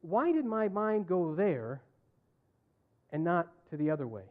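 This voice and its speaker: Animated pastor preaching, tinny phone-like sound. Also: male voice, sits high, measured pace. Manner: animated, acts out dialogue in his stories. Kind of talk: sermon with personal storytelling.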